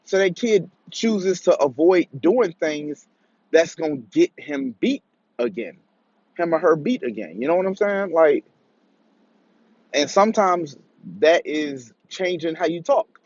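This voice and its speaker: A man talks through a personal story in a loose, casual monologue, swearing freely and slipping into the voices of the people he quotes. His voice sits a little high for a man. The sound is muffled and lo-fi, with no room echo. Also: a little slow. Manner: profane, animated, acts out quoted voices. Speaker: vlogger. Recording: dull lo-fi dry recording.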